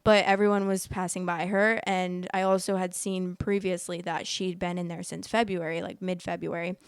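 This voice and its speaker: Chatty young woman, smooth close voice. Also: fairly low pitch, little pitch movement, moderate pace, no room sound. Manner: chatty, rambling, many likes. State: emotional, teary. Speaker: host. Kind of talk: casual storytelling vlog.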